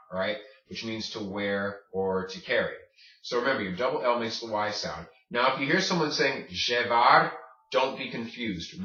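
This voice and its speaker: A man giving a Spanish pronunciation lesson, drilling words slowly and checking in with "okay?" as he teaches. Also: on the low side, sharp tone. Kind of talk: video lesson. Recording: distant, dull, echoey room mic.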